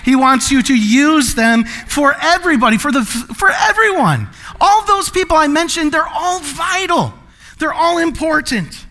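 Bright-voiced, high-pitched male pastor. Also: animated. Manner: playful, acts out quick comic voices; laughs often between points. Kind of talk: sermon.

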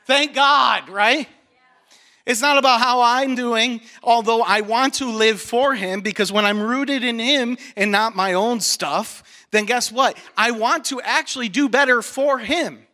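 Bright high-voiced male pastor preaching. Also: a little slow. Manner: animated, jokey storytelling to a congregation. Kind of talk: sermon. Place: church sanctuary.

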